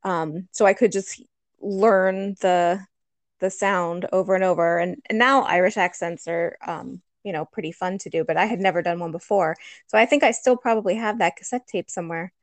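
Middle-aged woman, chatty guest, dry close sound, warm easygoing hesitations. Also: fairly low pitch, moderate pace, dry recording. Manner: chatty, laughs often, hesitant fillers. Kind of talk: casual chat.

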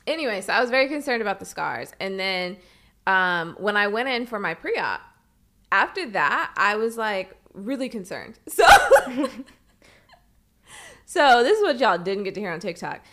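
Woman, young adult, podcast co-host, casual chat, animated storytelling, swooping intonation. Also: mid-range voice, moderate pace. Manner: animated storytelling, laughs often.

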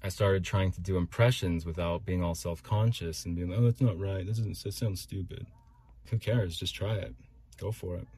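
A man's voice: low-pitched, fairly even intonation, moderate pace, warm tone, slightly rough. A man hosting his own podcast, rambling through a solo monologue with many restarts. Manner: rambling, restarts, talks himself through complaints. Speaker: podcast host.

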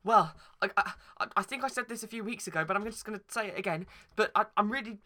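A man's voice: high voice, fast, bright, forceful tone. A young man bantering bossily in an improvised comedy sketch, teasing his partner.

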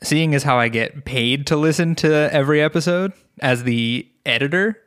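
A man's voice: a little high, fairly bright tone. A man from New York, guest co-hosting a casual podcast chat, joking and teasing. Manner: joking, teasing, quick to laugh. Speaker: guest co-host and podcast editor.

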